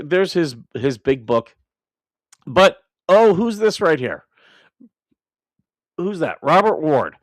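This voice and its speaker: A man's voice: mid-range voice, no echo, clean studio sound. A man hosting a live stream, ranting and laughing as he comments, with many restarts. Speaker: livestream host.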